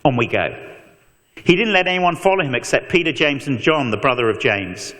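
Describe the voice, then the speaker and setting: A man preaching an animated evangelistic talk, telling stories with mock voices and asides. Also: medium pitch, a little fast. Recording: long echo of a large hall.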